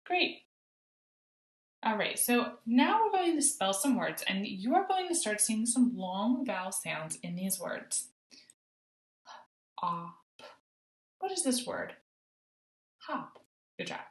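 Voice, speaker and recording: A woman teaching a phonics lesson to young children, modeling sounds slowly and clearly for them to echo back. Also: mid-range voice, sing-song. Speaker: kindergarten teacher. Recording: roomy echo.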